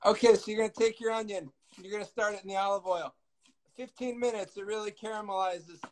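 Man, high voice, self-mocking, casual cooking chat, video call. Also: steady tone, quick pace, background noise. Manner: joking, self-mocking, loud when leaning in. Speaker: guest cook.

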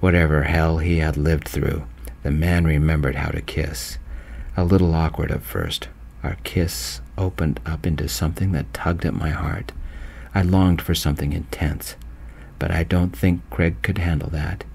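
A man narrating his own romance story in a gentle, slow, soft-spoken voice. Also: rumbling low, fairly even intonation, vocal fry, husky.

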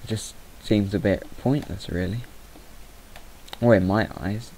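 A man's voice: lowish voice, a little slow, creaky, darkish tone, slight background noise, poor audio. A young man giving rambling let's play commentary, easily startled and chatting to the animals in the game. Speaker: gamer. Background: mouse clicking.

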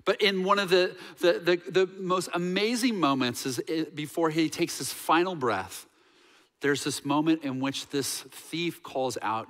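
A man's voice: on the high side, unhurried, fairly bright tone. A male pastor preaching a sermon in a church, earnest, with fillers and repeated words. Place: church sanctuary. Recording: reverberant church hall.

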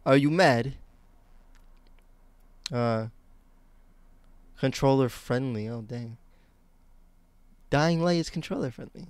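Slangy young streamer guy, smooth and dry. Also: medium pitch, dry recording. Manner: slangy, excitable, blurting quick reactions. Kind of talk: casual live-stream reaction.

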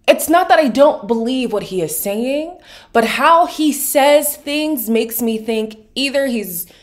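Sassy opinionated woman recapping reality TV. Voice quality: deep morning voice. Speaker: recap vlogger. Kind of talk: casual reality-TV recap commentary.

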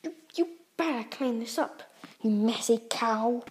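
A woman's voice: on the high side, a little slow, noisy background, lightly acted. A woman voicing a bossy, scolding princess. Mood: indignant. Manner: scolding and indignant. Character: bossy, quick-tempered princess.

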